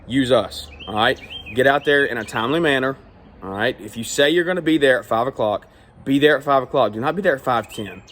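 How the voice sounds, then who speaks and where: A man's voice: mid-range voice, brisk, a bit bright. Fired-up man giving business advice. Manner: keeps tagging "all right?" and "okay?", gets fired up. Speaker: lawn care business owner. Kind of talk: casual advice vlog.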